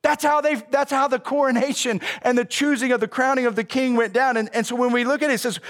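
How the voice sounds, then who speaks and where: A man preaching a sermon as a pastor, casual and animated, with slang. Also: very high voice, quick pace.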